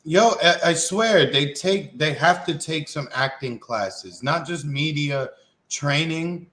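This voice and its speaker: A man with a fairly high voice chats in a loose, slangy way. His talk is laid-back and conversational as he reacts to his co-host. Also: lively intonation, slow pace, a bit bright. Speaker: podcast co-host. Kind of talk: casual chat.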